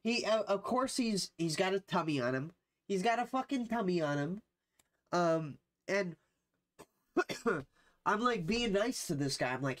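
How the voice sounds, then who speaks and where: A man's voice: sits high, lively intonation, measured pace, long pauses, a bit bright. A young adult man chatting casually to his livestream viewers, rambling and slangy, with frequent swearing and fillers.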